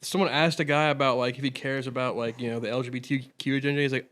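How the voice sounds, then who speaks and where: A man's voice: mid-range voice, fairly even intonation, fast, hardly any pauses, fairly bright tone. A young man guesting on a livestream, chatting in a laid-back, slangy way, often saying dude and bro. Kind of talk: casual chat.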